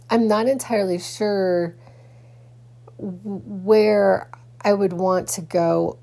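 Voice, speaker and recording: Slow, mellow-voiced woman rambling. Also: on the low side. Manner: rambling, many restarts and fillers. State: sleepy, yawning. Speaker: podcaster. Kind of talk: casual personal vlog.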